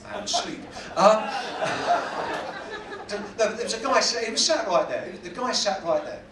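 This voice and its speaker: A British man performs stand-up in a cruise ship lounge. His voice sits high and swings widely as he teases the crowd and jokes at his own expense. He is miked from a distance in an echoey room with audience noise behind him. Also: huge pitch swings, a little slow. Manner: self-deprecating, teasing the audience. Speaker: stand-up comedian. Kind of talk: stand-up comedy.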